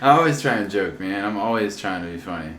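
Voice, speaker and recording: Deep-voiced male podcast host, joking. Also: lively intonation, fast, fairly bright tone, roomy sound, a little hiss or hum. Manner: joking, with frequent filler words and restarts. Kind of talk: casual podcast chat. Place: a friend's house.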